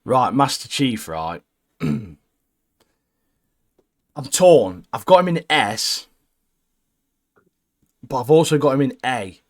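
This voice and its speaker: A man's voice: mid-range voice, lively intonation, slow, long pauses. A young man co-hosting a casual gaming podcast, bluntly giving his opinions and saying "mate" constantly. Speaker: podcast co-host.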